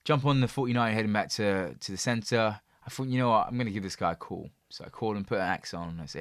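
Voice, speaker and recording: A man co-hosting a podcast, telling stories in a lively casual way and laughing often. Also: lowish voice, quick pace, few pauses, dry recording. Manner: animated storyteller, laughs often. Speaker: podcast co-host. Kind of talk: casual chat.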